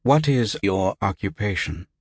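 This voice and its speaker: Unseen clinical voice, toneless and measured, slow and dry, read by a male narrator. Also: lowish voice, no echo. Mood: flat. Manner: flat, without intonation. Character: flat, toneless recorded voice of an unseen doctor. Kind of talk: audiobook character voice.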